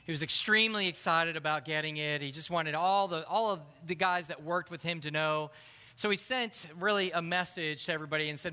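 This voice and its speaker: High, bright-voiced preacher in a reverberant hall. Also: male voice, fairly quick, clean tone. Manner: self-deprecating, conversational preaching. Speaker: pastor. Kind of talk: sermon.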